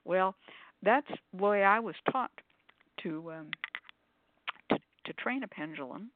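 A woman's voice: mid-range voice, unhurried, background noise. A woman who runs a shop, chatting animatedly and acting out what people say as she demonstrates. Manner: chatty, animated storyteller, acts out quotes. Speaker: shop owner and pendulum teacher. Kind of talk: casual conversation, demonstrating. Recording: phone-like dry audio.

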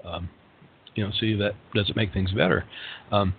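A man's voice: lowish voice, steady tone, normal speed, vocal fry, slight background noise. A man in his late fifties giving a rambling, casual talk on meditation and suffering, with dry humor and many fillers. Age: 50s. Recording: tinny phone-like lo-fi sound.

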